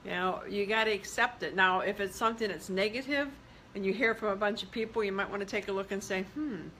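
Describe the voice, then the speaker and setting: A woman self-help vlogger speaks casually and candidly to her audience, mixing blunt asides with encouragement. Her voice sits mid-range and sounds bright and forceful. There is a faint hiss behind her. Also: medium pitch, fast talker, low-quality recording. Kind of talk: casual motivational talk to camera.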